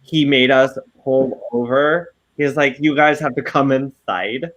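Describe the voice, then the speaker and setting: A man in his late twenties, co-hosting a podcast and telling stories in animated, profane casual chat. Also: mid-range voice, a little slow, dull audio. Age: late 20s. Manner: animated, profane, laughing storyteller. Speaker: podcast co-host.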